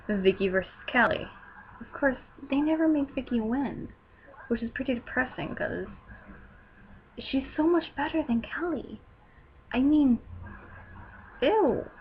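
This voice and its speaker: A teenage girl recapping a wrestling show in a casual, gushing way, breaking into loud excited outbursts. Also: a little high, lo-fi sound, a little hiss or hum. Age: teens.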